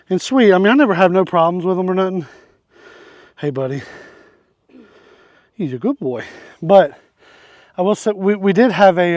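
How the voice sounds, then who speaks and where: High-voiced man chatting outdoors. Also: a little mellow, dry recording, studio quality. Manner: joking, talks to his chickens. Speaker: homesteader vlogger. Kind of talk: casual vlog. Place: outdoors on a farm, in a chicken yard.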